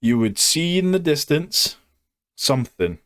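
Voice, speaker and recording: A man's voice: on the high side, big pitch swings, unhurried, fairly bright tone, smooth, no echo, studio quality. A man reviewing a show in a sarcastic, mocking rant. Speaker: YouTube reviewer. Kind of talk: ranting review.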